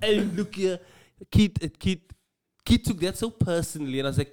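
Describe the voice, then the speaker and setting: A man's voice: high-pitched, expressive, moderate pace, darkish tone. A man who does stand-up comedy, telling gig stories in a casual podcast chat, acting out dialogue and laughing often.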